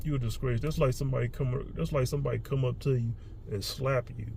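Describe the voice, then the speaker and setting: A man's voice: mid-range voice, steady tone, quick pace, vocal fry, mellow. A man giving a heated, blunt commentary rant, profane and repeating himself, recorded outdoors near traffic. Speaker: social commentator.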